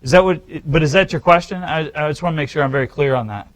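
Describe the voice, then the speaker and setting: A man's voice: a little high, fast talker, rough recording. Emphatic male real estate instructor. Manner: animated, emphatic, talks straight to the room. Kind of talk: live seminar teaching.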